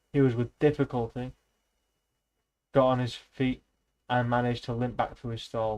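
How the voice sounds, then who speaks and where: A man's voice: mid-range voice, rough recording. A man reading a novel aloud in a loose, casual way, with slips and restarts. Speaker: reader, streamer.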